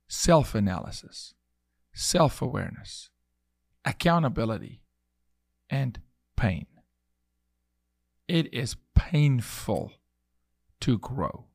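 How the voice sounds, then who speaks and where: A man's voice: mid-range voice, no room sound, clean studio sound. A man hosting a podcast, delivering an emphatic, preachy monologue full of repeated phrases and illustrative stories. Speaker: podcast host.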